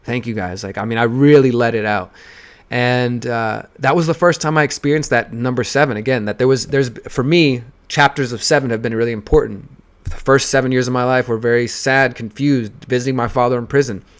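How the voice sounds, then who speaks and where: A man's voice: mid-range voice, fairly even intonation, fairly quick, smooth. Candid man telling a personal story. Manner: candid, emotional, profane, with acted-out quotes. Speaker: podcast host.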